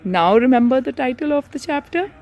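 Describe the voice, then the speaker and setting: A woman's voice: high-pitched, lively intonation, fairly quick, muffled recording. A woman author reading her book aloud to children, chatty and full of questions to her listeners.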